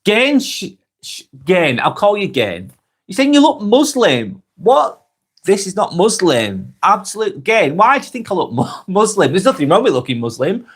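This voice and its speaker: A man with a Lancashire accent from Blackburn and Darwin in northwest England hosts a casual live stream, reading viewer comments aloud in a chatty, friendly way. His voice is high-pitched, sing-song and husky, at a moderate pace.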